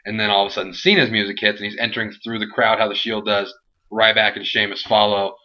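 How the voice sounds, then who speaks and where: A young man reviewing a wrestling show in a casual, animated, rambling and jokey way. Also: fairly low pitch, fast. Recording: dull lo-fi home recording.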